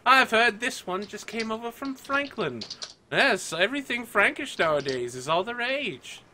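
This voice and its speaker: A man voicing fluttery, gossiping court nobles who gush excitedly. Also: high-pitched, normal speed, slight background noise, pitched above the performer's own voice, full character voice.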